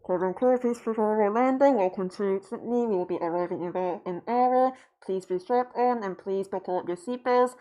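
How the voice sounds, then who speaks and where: A woman's voice: medium pitch, fairly quick, hardly any pauses, warm tone, close to an everyday voice. A woman putting on a muffled airline captain making an in-flight announcement. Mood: announcing.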